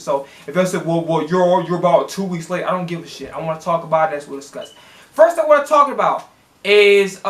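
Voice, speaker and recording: A fan from Chicago rants about football straight to his camera, blunt, profane and heated. His voice sits high for a man and keeps tripping over restarts. The room around him rings with echo. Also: pushed and bright. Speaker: sports vlogger. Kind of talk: profane casual sports rant to camera. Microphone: camera in a home setup.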